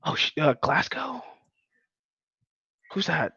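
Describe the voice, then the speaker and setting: A man's voice: a little high, big pitch swings, slow pace, pushed and bright, husky, no echo, lo-fi sound. A man in casual chat about voice acting, laid-back and peppering his talk with "you know" and "man".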